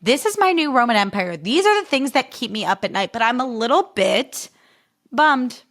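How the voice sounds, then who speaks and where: A woman's voice: on the high side, fairly quick. Chatty young woman hosting a podcast. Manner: chatty, animated, self-deprecating, jumps into funny voices. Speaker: podcast host. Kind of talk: casual solo podcast chat.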